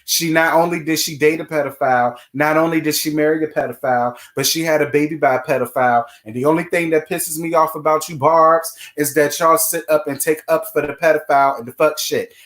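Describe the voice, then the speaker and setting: A man's voice: on the high side, fairly even intonation, a little fast, few pauses, fairly bright tone. A man hosting a casual live stream, greeting chat viewers by name and giving blunt, sassy commentary full of swearing.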